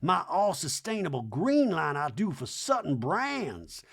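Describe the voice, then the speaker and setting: An earnest grown daughter holding onto her patience, as a man plays her. She speaks in a fairly high, measured way. Her pitch moves around a lot. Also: wildly swooping pitch, gravelly, a bit bright, slightly rough, heavily acted.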